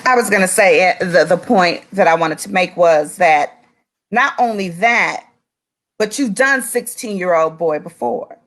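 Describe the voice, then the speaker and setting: A woman's voice: lowish voice, a little slow, fairly bright tone. A woman guest on a faith-based talk show, speaking earnestly and with emphasis about her experience as a mother.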